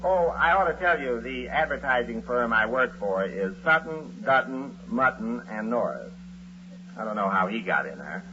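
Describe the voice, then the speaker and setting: A wry, long-suffering husband who narrates with dry wisecracks in a 1940s radio comedy. His voice is mid-pitched and animated. The old broadcast is dull, with clear hiss. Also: moderate pace. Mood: wry narration. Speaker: narrator and lead.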